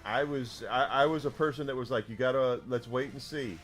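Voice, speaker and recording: A man's voice: medium pitch, fairly quick, a bit bright. A man, chatting with his viewers while streaming a game, telling stories in a rambling way with lots of restarts. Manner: rambling storyteller, lots of restarts, swearing it's true. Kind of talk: casual chat while gaming, talking to chat. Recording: faint game music underneath.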